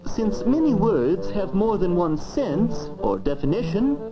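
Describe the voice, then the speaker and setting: A woman's voice: medium pitch, sing-song, unhurried. A woman voicing a fussy, learned talking dictionary that lectures in grand, wordy phrases, on dull lo-fi old film sound with faint music. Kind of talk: educational film acting.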